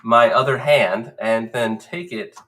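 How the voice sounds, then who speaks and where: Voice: mid-range voice, a little slow, a bit bright. A player in a live-streamed tabletop game who narrates their character's actions expressively, with hesitant fillers.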